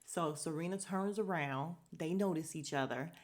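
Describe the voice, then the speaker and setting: A young woman hosting a casual podcast recap, animated and swearing freely, acting out scenes in quick little voices. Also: sits low. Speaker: podcast host.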